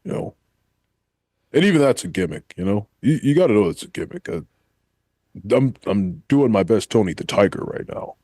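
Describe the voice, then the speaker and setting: A man doing an impression of a rambling, boastful older male pro-wrestling star on a podcast, in a gravelly drawl. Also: lowish voice, sing-song, moderate pace, pauses often, mellow, no room sound. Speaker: podcast co-host.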